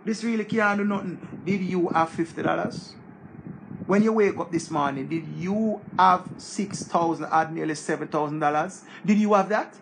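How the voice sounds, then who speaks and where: A man's voice: sits high, normal speed, gravelly, slight background noise. A man with a Jamaican accent, giving a casual, preachy monologue full of repetition. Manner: preachy, repetitive, animated rant. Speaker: commentator.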